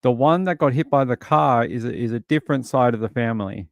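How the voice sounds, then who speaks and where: A man's voice: medium pitch, a little fast, gravelly, no room sound, muffled recording. Rambling Australian man, dry sound. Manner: rambling, chatty storytelling. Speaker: livestream host. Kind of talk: casual chat answering viewers.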